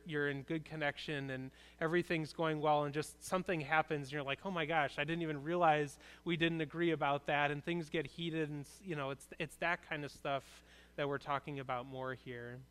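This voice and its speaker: A man's voice: fairly high pitch, a bit bright, clear, resonant tone. A man preaching a conversational, earnest sermon as a pastor in a church, often restarting his phrases.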